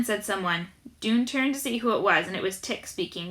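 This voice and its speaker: A woman narrating a children's novel aloud as an audiobook, in a lively, expressive storytelling manner. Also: mid-range voice, moderate pace, hardly any pauses. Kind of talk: audiobook reading.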